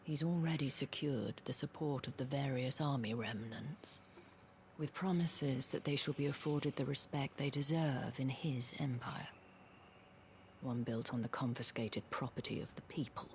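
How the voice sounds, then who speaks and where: An actress playing a worried, articulate noblewoman who speaks formally, sometimes in a hushed voice. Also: a bass voice, normal speed, a little hiss or hum. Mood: troubled. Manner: formal, eloquent speech, at times hushed.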